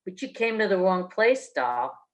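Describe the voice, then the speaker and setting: A woman's voice: medium pitch, big pitch swings, moderate pace, lightly acted. A woman reading aloud voices a sarcastic, demanding male bartender in a noir story. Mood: menacing. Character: gruff sarcastic bartender man.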